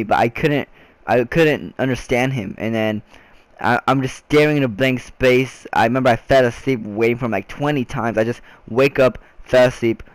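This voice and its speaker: Young male vlogger, casual rambling storytelling, mid-pitched voice, dry recording. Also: no echo. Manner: rambling, frequent restarts and filler words.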